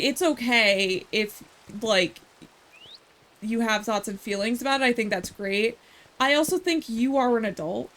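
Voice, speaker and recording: A woman's voice: on the high side, fairly bright tone. A woman streaming a game, chatting casually in a rambling way, with sarcastic asides. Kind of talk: casual gameplay chat.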